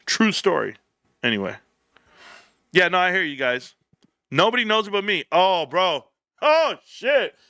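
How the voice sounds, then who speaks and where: A man's voice: high voice, lively intonation, normal speed, long pauses, bright, forceful tone, no echo, studio quality. A man in his thirties hosting a casual livestream, joking and slipping into bits of song. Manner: joking, breaks into singing. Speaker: livestream host.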